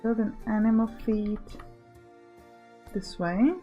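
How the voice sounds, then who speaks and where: A woman's voice: mid-range voice, fairly even intonation, takes it slowly, lo-fi sound, soft background music. A woman hosting a let's play, talking casually as she thinks aloud and gives orders to her game workers. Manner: chatty, thinking aloud, bossing game units.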